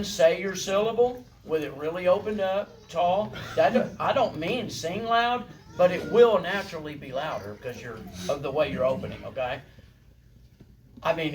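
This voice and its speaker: A man's voice: a little high, background noise. A man directing a choir rehearsal, calling out sections and parts and encouraging the singers. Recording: distant mic in a room with singing.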